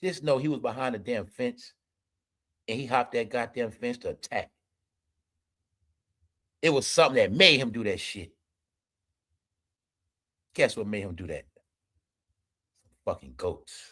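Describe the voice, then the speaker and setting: Forceful, profane male commentary host. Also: mid-range voice, expressive, unhurried, long pauses. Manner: profane, emphatic, talks straight to viewers. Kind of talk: ranting entertainment commentary.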